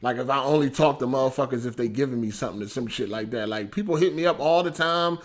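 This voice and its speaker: A man chatting casually on a gaming stream, animated and profane, laughing often and swinging from loud bursts to mumbles. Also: medium pitch, fast talker. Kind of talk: casual livestream chat.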